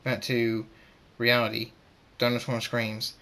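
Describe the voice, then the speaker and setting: A man reading a fan story aloud, halting and repeating words as he goes. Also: medium pitch, monotone, fairly bright tone.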